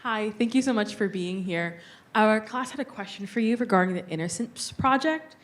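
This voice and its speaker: A woman's voice: mid-range voice, lively intonation, moderate pace. A young woman, a student, politely asking a prepared question from the audience.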